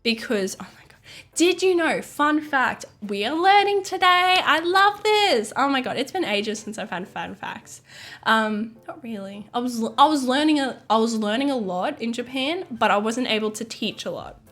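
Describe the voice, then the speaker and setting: An Australian woman streamer chatting casually, rambling and excitable, swearing and laughing often. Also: a little high, normal speed.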